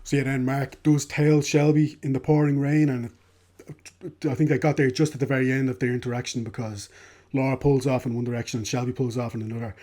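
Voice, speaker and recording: A man's voice: medium pitch, little pitch movement, fairly quick, mellow. A man co-hosting a film podcast, casually retelling a film's plot in a rambling way, with plenty of "kind of" fillers.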